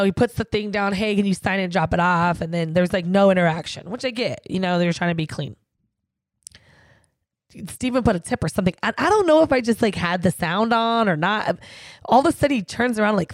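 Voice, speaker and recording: A woman co-hosting a casual podcast, ranting in an animated way and swearing freely. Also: medium pitch, moderate pace, dry recording. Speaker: podcast co-host.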